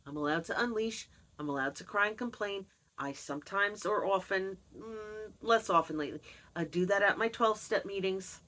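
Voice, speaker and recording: A woman's voice: medium pitch, normal speed, bright, forceful tone, poor audio. A woman in her fifties talking candidly on her vlog, earnest with wry asides. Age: 50s. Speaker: vlogger. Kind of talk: personal confessional vlog.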